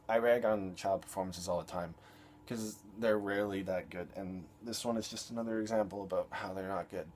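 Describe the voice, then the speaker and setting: A man's voice: lowish voice, darkish tone, slight background noise. A young man reviewing a film in an exasperated, sarcastic rant, swearing freely.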